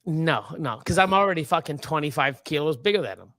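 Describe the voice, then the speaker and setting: A man in his fifties hosts a casual chat in a slightly high voice. His talk rambles and swears, with frequent laughs. The sound is close and dry. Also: expressive, a little fast, a bit bright, no echo. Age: 50s. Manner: rambling, profane, laughs often. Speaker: livestream host.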